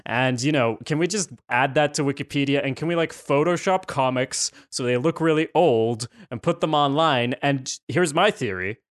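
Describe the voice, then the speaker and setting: A man's voice: mid-range voice, normal speed, few pauses. A man hosting a television discussion podcast, rambling and joking in casual chat. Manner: rambling, jokey, full of fillers and restarts. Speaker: podcast host.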